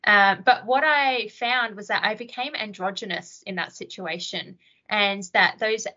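A woman's voice: mid-range voice, a little slow, pushed and bright, highs cut off. A woman, a podcast guest, reflectively telling stories from her military service. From Australia. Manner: reflective storytelling. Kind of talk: podcast interview.

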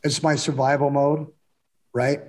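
A man's voice: mid-range voice, flat delivery, a little slow, darkish tone. A man speaking reflectively in a candid chat, in short plain sentences about his own experience.

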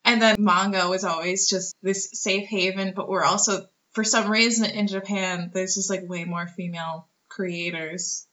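A woman's voice: mid-range voice, flat delivery, moderate pace, few pauses, pushed and bright, lo-fi sound. A woman comics creator, a guest on a podcast, chatting casually and laughing through her answers. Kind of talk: casual interview chat.

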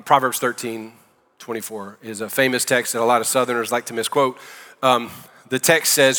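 A man's voice: medium pitch, sharp tone. A male pastor with a Southern US accent preaching a sermon in a conversational way, with joking asides. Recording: long hall reverb.

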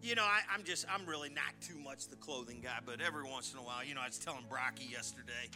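A male pastor giving a folksy, animated sermon, often restarting his words. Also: mid-range voice, quick pace, faint music behind. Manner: folksy, animated and joking, with repeated word restarts.

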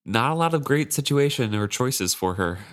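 A man co-hosting a book podcast, chatting casually and retelling a novel in a relaxed way, laughing often. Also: mid-range voice, normal speed.

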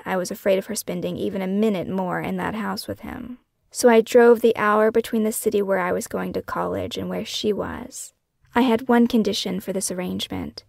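A woman author reading her own memoir as scripted first-person narration, hushed and often falling into a breathy whisper. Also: mid-range voice, no echo, clean studio sound. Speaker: author and podcast host.

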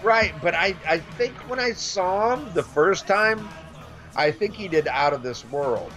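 A middle-aged man talking casually with a lively, swooping voice that sits a bit high for a man. He speaks animatedly and swears freely, with faint music under the conversation. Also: measured pace. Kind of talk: casual chat.

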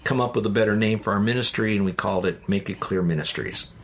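An older man, a pastor being interviewed, telling a personal story in an earnest, unhurried way and voicing the people in it. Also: on the low side, a little hiss or hum. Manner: earnest, unhurried storyteller who quotes others aloud. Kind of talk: storytelling testimony.

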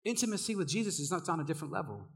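A young man preaching a sermon, telling stories with energy, laughing often and shouting when he gets excited. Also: fairly high pitch, rapid-fire, gravelly.

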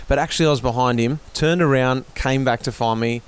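A man's voice: medium pitch, normal speed, hardly any pauses, clear, resonant tone. A man hosting a cycling podcast outdoors, chatting upbeat with fellow riders along the route. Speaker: podcast host. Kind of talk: casual chat while cycling.

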